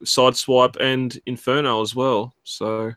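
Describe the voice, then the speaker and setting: A man hosting a casual chat show, relaxed and laughing often. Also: mid-range voice, unhurried, no echo. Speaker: podcast host.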